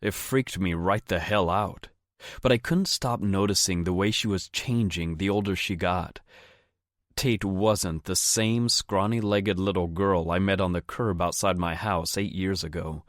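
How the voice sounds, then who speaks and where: A young man narrating a first-person audiobook with a very deep voice and a brash, blunt, crude edge. The sound is dry and close, with no room around it. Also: measured pace, no room sound.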